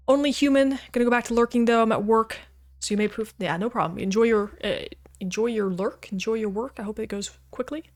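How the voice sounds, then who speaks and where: Her voice sits a little high and moves fairly quickly, with soft music playing in the background. She's livestreaming a game, talking easily with chat as she goes and breaking into frequent laughter.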